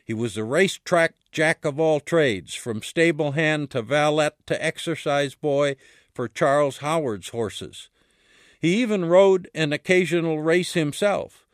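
A man, the author, reading a chapter of his book aloud in a measured way, his voice dropping low on the dialogue tags. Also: no room sound, studio quality.

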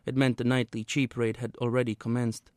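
A man, the author, reading a passage from his own novel aloud in a steady, measured way. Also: mid-range voice, dry recording, clean studio sound.

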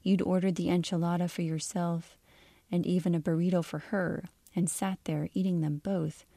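A woman author reading aloud from her own literary fiction in a measured, even storytelling manner. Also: fairly low pitch, no room sound.

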